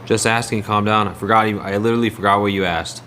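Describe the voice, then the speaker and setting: A man's voice: on the low side, fairly even intonation, quick pace, sharp tone, slight background noise. A man livestreaming, chatting casually in a rambling way and answering his viewers' messages.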